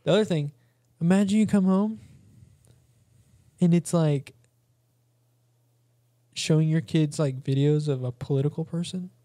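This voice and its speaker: A man's voice: a little high, a little slow, long pauses, warm tone, no echo, clean studio sound. A man co-hosting a podcast in casual chat, rambling and joking with frequent laughs. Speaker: podcast co-host.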